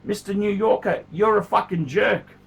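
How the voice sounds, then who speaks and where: A man's voice: high-pitched, moderate pace, creaky, a bit bright, breathy edge. A man, a watch collector, ranting casually to camera with heated, profane language.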